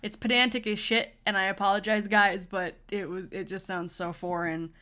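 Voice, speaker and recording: A woman co-hosting a casual podcast, talking in an animated way and poking fun at her own nitpicks. Her voice sits in a medium pitch. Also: normal speed. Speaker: podcast co-host. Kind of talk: casual chat.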